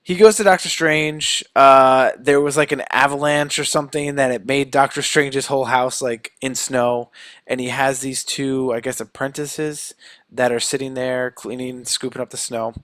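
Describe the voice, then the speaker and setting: A young man co-hosting a podcast, casually recapping a film plot and slipping into quick quoted voices for the characters. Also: medium pitch, fairly even intonation, a bit bright, no echo, clean studio sound. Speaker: podcast co-host.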